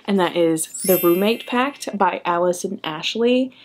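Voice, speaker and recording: A young woman chatting enthusiastically in a book vlog, often tagging her remarks with a quick "okay?". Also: lowish voice. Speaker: book vlogger. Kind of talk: casual chat.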